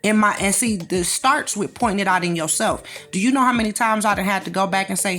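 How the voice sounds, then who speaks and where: A woman host preaches and scolds in a casual commentary monologue, drawling in with dismissive asides. Her voice sits at a middle pitch. Faint music plays behind her. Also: a little fast, hardly any pauses, a bit bright.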